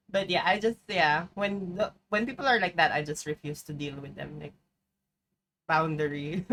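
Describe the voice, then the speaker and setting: A woman's voice: lowish voice, normal speed, pauses often, fairly bright tone, slight background noise. A young adult woman streaming live, chatting casually over gameplay, rambling, swearing freely and breaking into sudden outbursts.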